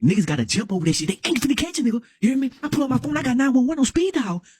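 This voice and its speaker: A young man telling a wild comedic story, dramatic and excitable, full of slang and constantly asking "you hear me?". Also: extremely high pitch, very fast, background noise. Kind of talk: animated comedic story time.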